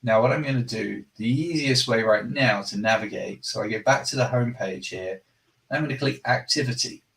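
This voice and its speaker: A man casually presenting a screen-share software demo, chatty and self-deprecating, often restarting his phrases. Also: medium pitch, normal speed, gravelly, recorded from a distance, rough recording.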